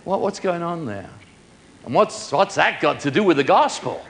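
A man's voice: on the high side, sing-song, moderate pace, creaky, a bit bright, a little hiss or hum. A man preaching a sermon, acting out little dialogues between people in changing voices.

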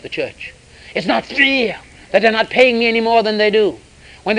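A man preaching a sermon, swinging between loud emphasis and hushed asides. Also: high-pitched, animated, moderate pace, low-quality recording.

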